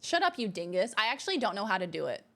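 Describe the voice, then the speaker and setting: A woman hosting a livestream from her home streaming room, chatting casually and reading out viewer messages in a bubbly, gushing way that is quick to exclaim. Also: mid-range voice, big pitch swings, bright, forceful tone. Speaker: livestream host.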